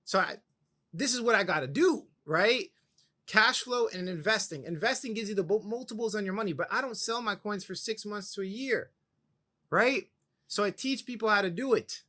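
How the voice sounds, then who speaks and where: A man's voice: high voice, lively intonation, normal speed, sharp tone. A young man hosting a crypto channel, talking straight to the camera in an urgent, emphatic way, repeating his points for stress. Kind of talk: direct-to-camera pitch.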